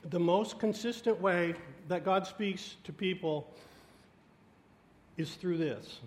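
A man preaching a sermon, telling a story in an animated and self-mocking way. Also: high voice, slow pace. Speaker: guest preacher.

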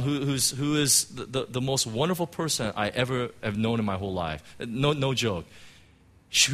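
A middle-aged man, a pastor, giving an emotional personal testimony in church, halting and restarting as he tells it. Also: a little high, sharp tone. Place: church sanctuary.

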